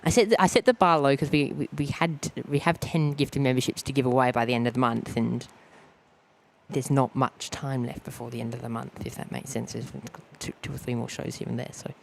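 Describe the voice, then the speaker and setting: A man, hosting a casual plane-spotting live stream outdoors, easygoing and halting, often repeating words. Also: medium pitch, fairly even intonation, creaky, slight background noise. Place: outdoors at an airport.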